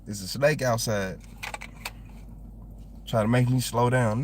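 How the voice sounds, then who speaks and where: Young southern guy rambling on his livestream, slangy, gets worked up and animated, mid pitch. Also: slow pace, long pauses, slight background noise. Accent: Southern American. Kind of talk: casual livestream chat.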